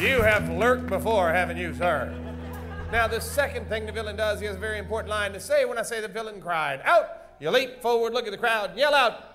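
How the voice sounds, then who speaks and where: A man with a drawl hosts a live comedy show, and his voice sits unusually high as he teases volunteers and acts out bits for the crowd. The house band plays behind him, and the audience roars clearly throughout. It is a big indoor theater, heard through a stage mic. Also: expressive, a little fast. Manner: loud, folksy, teasing, acts out bits for the crowd. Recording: live venue with band music and crowd noise.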